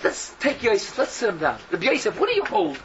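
Animated man teaching a Talmud class. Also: sits high, fast talker, lo-fi sound, slight background noise. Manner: animated storyteller, acts out the characters' questions. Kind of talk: Talmud lecture mixing Yiddish and Hebrew terms.

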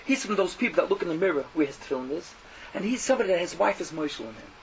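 A man giving a fiery sermon, mocking and animated, swinging from loud outbursts to hushed asides, on a dull lo-fi recording. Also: sits high, rapid-fire. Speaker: preacher. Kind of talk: fiery Yiddish-laced sermon. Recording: dull lo-fi recording with faint noise.

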